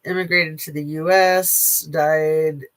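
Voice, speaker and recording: A channel host giving casual opinion commentary, sarcastic and blunt, rambling with filler pauses and casual swearing. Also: mid-range voice, little pitch movement.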